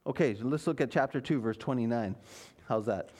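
A man, preaching a sermon as a pastor in a conversational way, with fillers and dramatic pauses. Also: mid-range voice, darkish tone.

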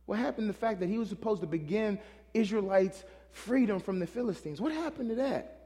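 A man's voice: high voice, lively intonation, brisk, warm tone. A male pastor preaching a sermon in a loose, conversational way, often calling out questions to the congregation. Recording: long hall reverb.

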